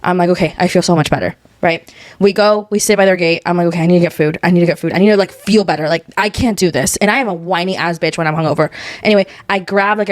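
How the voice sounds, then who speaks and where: A woman's voice: lowish voice, dry recording. A young woman co-hosting a podcast, telling a dramatic and profane story in a casual chat. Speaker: podcast co-host.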